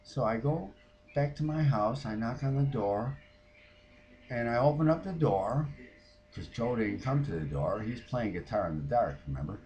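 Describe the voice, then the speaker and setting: A man's voice: mid-range voice, lively intonation, moderate pace, darkish tone, slight background noise, lightly acted. A man playing a foul-mouthed, fed-up woman who rants about her neighbors in a comic monologue. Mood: exasperated. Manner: profane, ranting, mimics others.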